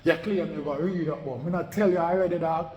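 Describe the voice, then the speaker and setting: A man's voice: fairly high pitch, fast, a little mellow, big-room sound, lo-fi sound. A man with a Jamaican accent delivers a confrontational, profanity-heavy rant in patois, aimed at a rival. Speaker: online commentator.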